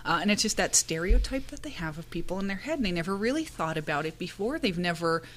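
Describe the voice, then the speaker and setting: A woman on a casual panel chat, telling stories with animated delivery, acting out what people said and laughing often. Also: fairly low pitch, fast, a little hiss or hum. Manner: animated storyteller, acts out quoted lines, laughs often. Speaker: podcast panelist and conference speaker.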